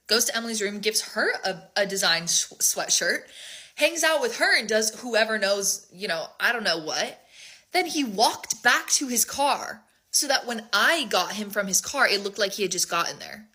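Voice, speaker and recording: A woman's voice: medium pitch, expressive, normal speed, bright, forceful tone, husky. A young woman telling a storytime in a casual, chatty way, full of "like".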